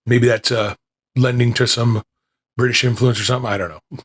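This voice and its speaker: A man's voice: medium pitch, steady tone, a little fast, breathy edge. A man hosting a small podcast, chatting casually with restarts, then reading an old lecture aloud, his voice still recovering. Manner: rambling and self-deprecating, with restarts.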